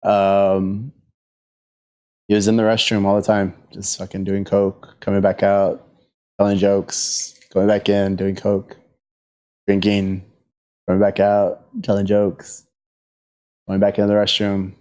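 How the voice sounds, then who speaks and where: A man's voice: on the low side, completely flat delivery, slow, pauses often, darkish tone, smooth. A man telling a long profane story in a casual podcast chat.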